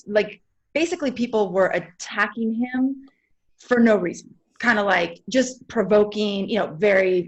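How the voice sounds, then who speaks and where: A woman's voice: mid-range voice, highs cut off. A woman hosting a podcast conversation, reflective and affirming, often searching for her words as she thinks aloud. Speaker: podcast host.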